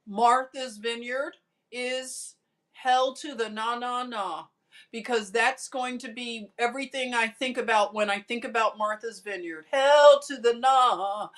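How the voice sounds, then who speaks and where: A woman's voice: on the high side, a bit bright. A woman giving scolding, sarcastic video commentary, speaking directly to the people she criticizes. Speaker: commentary vlogger.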